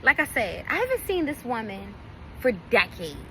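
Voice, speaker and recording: A woman's voice: on the high side, sing-song, moderate pace, slight background noise, low-quality recording. A woman telling a personal story to camera in a blunt, profane, indignant vlog rant. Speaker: vlogger.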